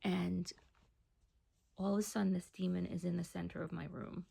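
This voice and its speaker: A woman telling a personal testimony in a casual, hushed storytelling voice that often drops to a near whisper. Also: lowish voice, level tone, normal speed, creaky, husky.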